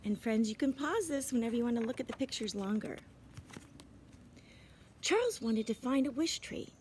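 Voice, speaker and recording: A woman reading a children's storybook aloud outdoors, gentle and expressive, sometimes dropping into whispered asides. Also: fairly high pitch, normal speed, a little hiss or hum. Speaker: reader. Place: outdoors in winter. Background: birds chirping.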